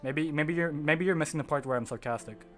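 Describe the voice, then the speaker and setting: Deadpan man, monotone, sarcastic, voice call, guitar music behind. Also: fairly high pitch, brisk. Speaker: podcast regular. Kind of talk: casual podcast chat. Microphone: online voice call.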